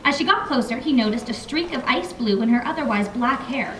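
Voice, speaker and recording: A young woman author reads her own novel aloud in a library, breaking off for relaxed asides full of ums. Her voice sits fairly high, and the mic is some distance off in a roomy space with faint ambience. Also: brisk, a little hiss or hum. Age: young adult. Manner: casual asides with fillers between readings. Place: library room. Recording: echoey room, mic from far off.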